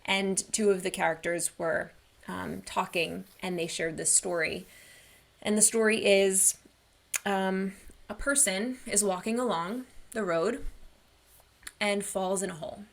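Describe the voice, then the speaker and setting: Earnest woman with a gravelly voice. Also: mid-range voice, unhurried. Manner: earnest, personal, storytelling. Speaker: wellness coach. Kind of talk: online workshop talk.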